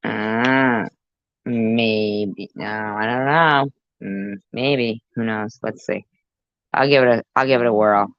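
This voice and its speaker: A middle-aged woman rambles through reaction commentary, swearing freely and joking as she goes. She talks slowly and unhurriedly, in a dry, dull, lo-fi recording. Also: a bass voice, steady tone, clean tone, no echo. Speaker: video commentator. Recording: dull lo-fi sound.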